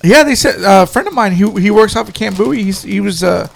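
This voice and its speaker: A man co-hosting a podcast in casual chat, easygoing and quick to chuckle. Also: high voice, expressive, vocal fry. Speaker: podcast co-host.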